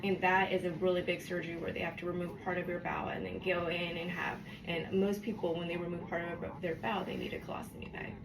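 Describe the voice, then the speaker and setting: Woman as nurse, patient explainer, low and flat, heard from afar over noise. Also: fast, few pauses. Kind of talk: calm explanation. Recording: distant voice, audible background noise.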